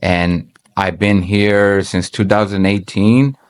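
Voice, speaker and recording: A man giving an earnest, halting personal faith testimony as a church member, often restarting his sentences. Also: lowish voice, little pitch movement, clean tone.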